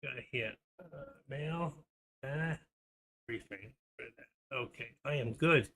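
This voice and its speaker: Casually chatting through a live trading stream, a middle-aged host addresses his viewers by name as he trades stocks. He speaks slowly in a mid-range voice with a fairly bright tone.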